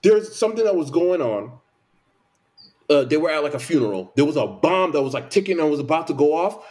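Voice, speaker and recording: A man's voice: on the high side, a little fast. A man in casual conversation, venting emphatically with lots of repetition. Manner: animated, repetitive, emphatic complaints. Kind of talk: casual opinion chat.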